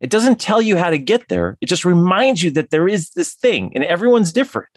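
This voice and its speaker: A man's voice: high voice, very animated, brisk, no room sound, studio quality. A man, a tantric counselor, talks enthusiastically as a podcast guest, often restarting his sentences. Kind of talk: podcast interview.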